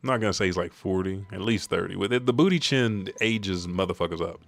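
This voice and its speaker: A man's voice: low-pitched, brisk, creaky, no room sound. A man hosting a casual comic-chapter recap and reaction, loose, joking and profane. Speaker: channel host.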